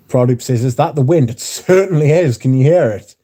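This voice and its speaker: A man's voice: mid-range voice, moderate pace, creaky, hardly any pauses, dark tone. A man hosting a casual livestream, reading out chat messages in a blunt, mouthy way with frequent swearing. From not American. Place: bar, windy.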